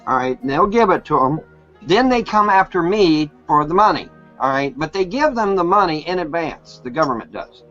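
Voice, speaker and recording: Bright, insistent man with a Kentucky accent. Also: a little high, sing-song, normal speed, soft background music. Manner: insistent, explaining over interruptions. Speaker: voice chat participant. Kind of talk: heated argument. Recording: dull lo-fi voice chat.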